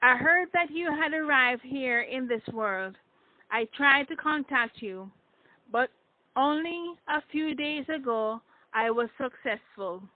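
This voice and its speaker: A woman voicing a gentle, earnest man back from another world, speaking calmly and formally. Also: high voice, takes it slowly, no echo. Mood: tender. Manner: calm, formal speech. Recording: tinny phone-like dry sound.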